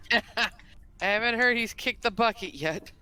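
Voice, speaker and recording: A woman co-hosts a live stream in a relaxed, playful chat. Her voice is bright and smooth, with a crisp, clean tone. She often laughs along with her partner. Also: on the high side, a little slow, rough recording. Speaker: streamer and co-host.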